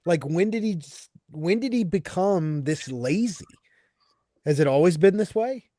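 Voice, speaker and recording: A man's voice: sits high, expressive, warm tone, no room sound, studio quality. A man co-hosting a sports talk show, firing off incredulous questions. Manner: incredulous rapid-fire questioning. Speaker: podcast co-host.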